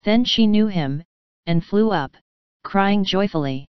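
A woman narrating a classic novel as an audiobook, reading in a calm, measured way. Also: mid-range voice, clear, resonant tone, dry recording, muffled recording. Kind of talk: scripted storybook narration.

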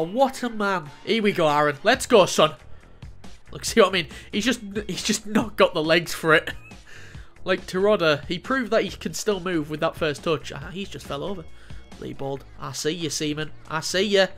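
Young guy yelling and laughing over his football game, swears loads, slightly high voice, bit of music behind. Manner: excitable, swears a lot, jokey. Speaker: gaming YouTuber. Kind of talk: let's play commentary.

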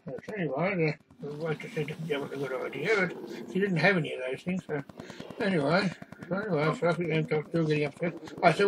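A man's voice: a little high, fairly quick, noisy background. A man telling a rambling comic story, exasperated and meandering. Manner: meandering, exasperated, doing the other people's voices.

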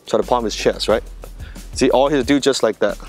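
A man's voice: mid-range voice, moderate pace, darkish tone, faint music behind. A man teaching a martial arts drill as he demonstrates it. He explains it step by step and keeps checking in with the viewer. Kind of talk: hands-on demonstration lesson.

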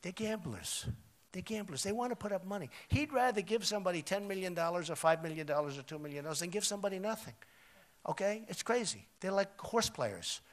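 A man in his sixties with a New York accent, giving a rambling, repetitive rally speech from a podium microphone, jumping between loud emphasis and quiet asides. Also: high-pitched, lively intonation, fairly quick. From United States. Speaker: political candidate. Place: outdoor resort rally.

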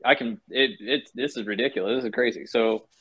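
A man's voice: mid-range voice, fairly quick, a bit bright, breathy edge. A man chatting on a podcast as a guest, joking around with mock-boastful banter. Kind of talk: casual podcast chat.

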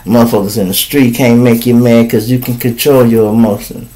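A man's voice: medium pitch, fairly even intonation, a little fast, mellow, rough recording. A man from Chicago hosting a podcast, giving casual, profane commentary and acting out quoted people in raised voices. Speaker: podcast host.

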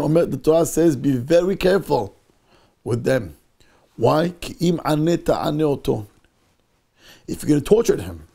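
A man's voice: sits high, creaky. A man, a rabbi teaching a Torah class to a congregation, talking animatedly and often turning to the audience with questions. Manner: animated, mixes Hebrew and Yiddish terms into English, asks the audience questions. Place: synagogue.

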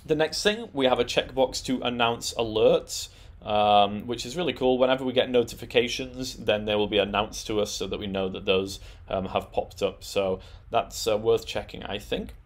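A man presenting a tech tutorial, talking through settings in a relaxed, explanatory way with frequent "um" and "uh". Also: lowish voice, moderate pace, hardly any pauses. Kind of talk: screen-recorded software walkthrough.

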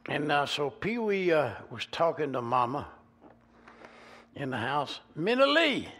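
A man with a Georgia Southern accent, preaching a sermon as a pastor and telling folksy stories with animated swings in volume. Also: mid-range voice, measured pace. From Georgia, USA. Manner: animated, folksy, swings between loud and soft.

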